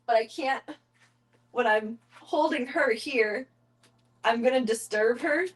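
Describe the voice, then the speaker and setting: Chatty young woman streamer with a high voice. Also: slow, long pauses, fairly bright tone, low-quality recording. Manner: chatty, swears casually, coos in baby talk to her cats. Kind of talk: casual livestream chat.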